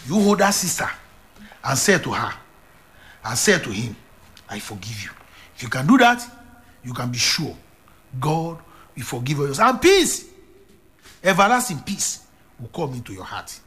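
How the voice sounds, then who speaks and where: Lively emphatic preacher man. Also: a little high, moderate pace, pauses often. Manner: emphatic, repetitive preaching with stammered restarts. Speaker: evangelist preacher. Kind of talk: sermon.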